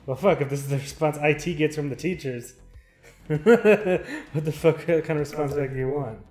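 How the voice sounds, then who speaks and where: A man's voice: a little high, normal speed, a little mellow, roomy sound, faint music behind. A young man chatting casually on a livestream, laughing often and agreeing with repeated yeahs. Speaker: streamer, school IT worker.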